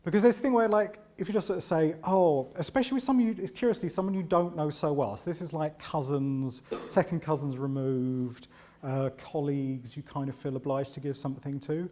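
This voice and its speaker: A man giving a conference talk, chatty and animated, with self-deprecating humour and frequent asides of "right?". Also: fairly high pitch, brisk. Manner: animated and chatty, often tags lines with "right?". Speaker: conference speaker.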